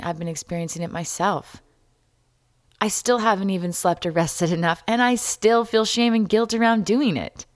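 A woman hosting a solo podcast, talking candidly and wryly, jumping between loud jokes and quiet asides. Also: fairly low pitch, no echo, clean studio sound. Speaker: podcast host.

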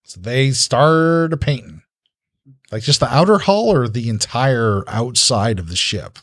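A man's voice: mid-range voice, expressive, unhurried, a bit bright, no room sound, clean studio sound. A man narrating as game master, rambling with many fillers and restarts.

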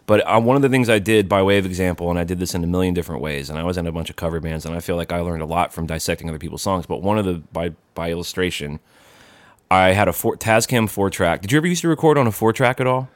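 A wry musician co-hosting a casual chat, with dry humor. He has a very deep voice. The sound is close and dry. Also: fast, no room sound. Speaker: co-host and musician.

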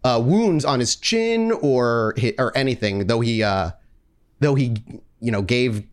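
A man's voice: medium pitch, animated, unhurried, clear, resonant tone. Filler-heavy man hosting a podcast. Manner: filler-heavy, explaining as he goes. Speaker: podcast host. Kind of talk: casual chat.

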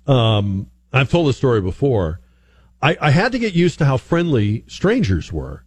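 Chatty, lively-voiced radio talk host. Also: male voice, mid-range voice, moderate pace, slightly rough, no echo. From northern United States. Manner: chatty, animated, mimics voices mid-story. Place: radio studio.

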